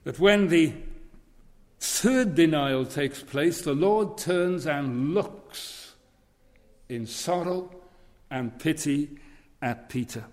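Slow, earnest preacher in an echoing hall. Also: male voice, a little high. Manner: earnest, dwelling on repeated phrases. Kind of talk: sermon. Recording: long reverb of a large hall.

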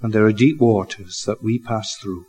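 An older man preaching a sermon, slow and reflective, building to emphatic rises. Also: on the low side, fairly even intonation, a little mellow, breathy edge, soft background music, low-quality recording. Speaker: pastor.

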